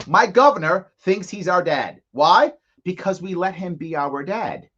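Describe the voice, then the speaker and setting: A man's voice: high-pitched, expressive, normal speed, hardly any pauses, bright, forceful tone, muffled recording. A man hosting a live commentary show, mocking and sarcastic as he reacts to a press conference. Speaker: host.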